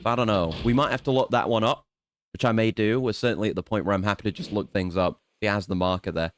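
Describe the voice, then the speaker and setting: A man's voice: fairly low pitch, fairly even intonation, quick pace. A man streaming a video game, rambling and swearing casually as he plans his next moves and mocks himself. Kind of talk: casual let's-play commentary.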